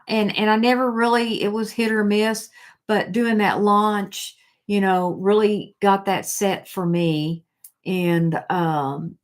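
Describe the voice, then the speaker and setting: Slow-talking chatty woman host. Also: on the low side. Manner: chatty, rambling, reads comments aloud. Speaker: livestream host reading viewer comments. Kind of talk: casual live chat.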